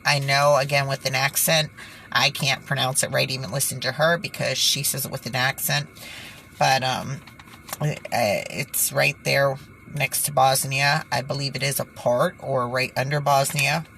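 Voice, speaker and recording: A woman's voice: very deep voice, steady tone, a little slow, vocal fry, fairly bright tone, slight background noise. A woman hosting her own channel, talking in an exasperated, indignant way, sighing and stumbling over words as she reads from news reports. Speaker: channel host. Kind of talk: indignant vlog commentary.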